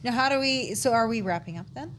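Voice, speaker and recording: A woman's voice: a little high, fast, a bit bright. A woman co-hosting a podcast, chatting casually in a supportive, encouraging way. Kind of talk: casual chat.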